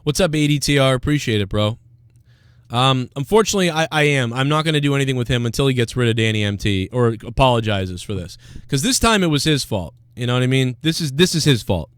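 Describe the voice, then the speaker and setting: A man's voice: medium pitch, lively intonation, fast talker, smooth, dry recording. A man hosting a livestream, ranting in an aggrieved tone and reading out chat comments. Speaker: livestream host.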